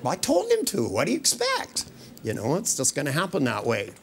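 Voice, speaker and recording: An older man, a hypnotist, running a live hypnosis demonstration at a seminar, joking and teasing between slow, soft trance suggestions. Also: on the high side, wildly swooping pitch, a little hiss or hum. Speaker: hypnotist leading a training seminar. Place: seminar room with participants.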